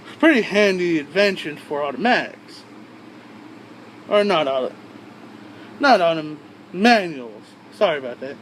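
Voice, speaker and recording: A man's voice: fairly high pitch, expressive, normal speed, long pauses, fairly bright tone, slight background noise, rough recording. A young man vlogging, telling a rambling story with swearing and many side explanations. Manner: rambling, profane, with frequent asides and restarts.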